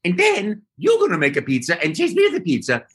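Mario, a bubbly Italian plumber. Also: male voice, sits high, huge pitch swings, quick pace, husky, voice pushed up, full character voice. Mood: playful. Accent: put-on Italian. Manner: bubbly, rambling, playful. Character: cheerful young Italian male plumber. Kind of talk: improvised character voice.

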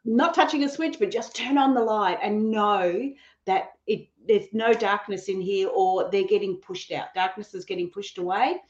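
A woman hosting a casual interview show, talking quickly and laughing easily. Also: medium pitch, reverberant, highs cut off. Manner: talks fast, laughs easily. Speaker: podcast host.

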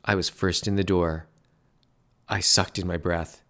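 A man narrating a story in a measured, dry way. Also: low voice, flat delivery, sharp tone.

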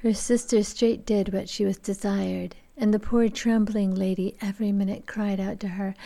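A woman lecturer who reads a fairy tale aloud in a measured, deliberate way and then turns to interpreting it. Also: medium pitch, little pitch movement, creaky, dark tone.

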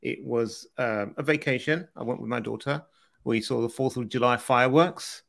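A man's voice: mid-range voice, normal speed, creaky, a bit bright. A British man co-hosting a podcast, chatting casually and joking with frequent laughs. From Britain. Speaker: podcast co-host.

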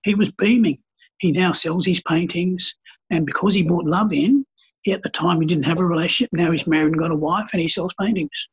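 A man's voice: a little high, brisk, breathy edge, low-quality recording. A man, a podcast guest who tells stories and talks about spirituality in a passionate, preachy way. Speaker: podcast guest, artist and healer. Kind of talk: casual spiritual conversation.

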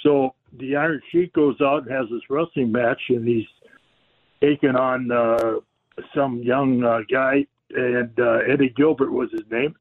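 A male guest on a radio show telling a lively story, acting out the voices of the people in it. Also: medium pitch, unhurried. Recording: tinny phone line.

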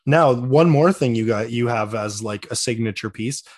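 A man's voice: medium pitch, normal speed. A man from Canada hosting a casual interview, asking upbeat, friendly questions. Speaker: host.

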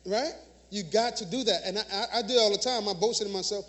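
A man's voice: extremely high pitch, a little fast, a bit bright. A man preaching a sermon in a church, conversational, leading call-and-response with frequent "y'all" and "right?" and laughing often. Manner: call-and-response preaching, asks congregation to repeat words. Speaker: minister. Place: church sanctuary.

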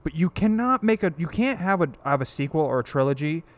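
A man's voice: a little high, lively intonation, a little fast, no echo. A man co-hosting a casual podcast chat, blunt and opinionated, swearing and laughing often. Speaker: podcast co-host.

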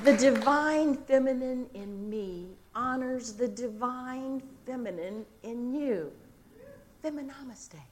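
An older woman minister giving a sermon, telling stories slowly and expressively with dramatic pauses. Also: high-pitched, slight background noise.

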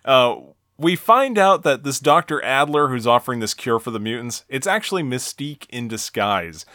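A man's voice: mid-range voice, sing-song, normal speed, bright, forceful tone, no echo, studio quality. A man hosting a podcast, recapping a cartoon episode in a casual, conversational way with frequent restarts. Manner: conversational, stumbling restarts, laughing. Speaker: podcast host.

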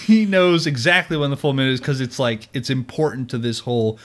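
A man's voice: medium pitch, moderate pace. Laid-back man chatting about movies. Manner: laughs often, loose rambling delivery with many fillers. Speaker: podcast co-host. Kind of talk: casual movie review chat.

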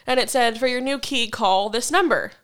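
Animated, swearing young woman telling a story. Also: fairly high pitch, clear, resonant tone. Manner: profane, animated storytelling with quick laughs. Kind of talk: casual chat.

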